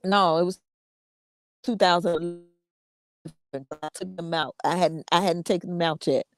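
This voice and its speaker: A woman hosting a show, sharing a personal story in a casual, halting way with many repeats and laughs. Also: lowish voice, fairly even intonation, dry recording, faint music behind. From United States. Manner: conversational, repeats words, laughs often. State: emotional, fighting tears. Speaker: podcast host.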